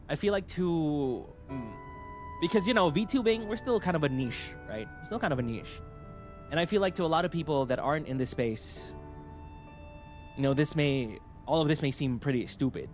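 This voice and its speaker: A male VTuber chatting on stream in a voice a touch higher than most men's. He tells stories in an animated, rambling way, laughing and restarting sentences as he goes. Soft music plays faintly underneath. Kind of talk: casual stream chat.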